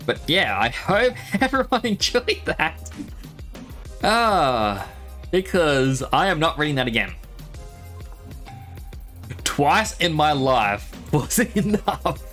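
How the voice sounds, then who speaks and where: A man's voice: a little high, very animated, takes it slowly, long pauses, a bit bright, soft background music. A man streaming live, chatting casually and rambling with laughs, his throat dry from talking for a long time.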